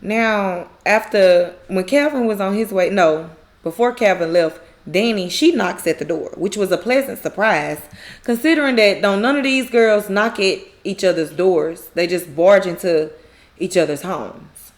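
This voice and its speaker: A woman's voice: medium pitch, unhurried. A woman casually recapping a TV drama episode, animatedly retelling scenes, acting out the characters' lines and laughing often. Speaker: recap YouTuber.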